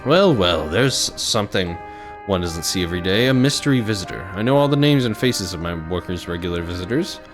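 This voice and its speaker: A man voicing a cold, suave male doctor who speaks in a pompous, theatrical, polished manner, with music playing clearly behind. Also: deep voice, animated, a little fast.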